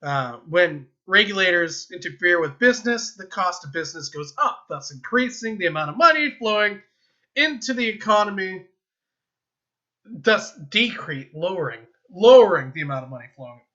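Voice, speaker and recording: Young american guy rambling about politics while gaming, really bright voice, kinda muffled lo-fi mic. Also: sits high, lively intonation, normal speed. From United States. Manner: rambling, self-interrupting, with chuckles. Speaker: gaming vlogger giving political opinions.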